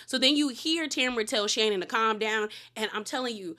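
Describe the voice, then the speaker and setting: Bright-voiced chatty woman recapping reality TV. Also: fairly high pitch, lively intonation, fast talker, hardly any pauses. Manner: chatty, opinionated, retells scenes with quoted lines. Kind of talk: casual recap commentary.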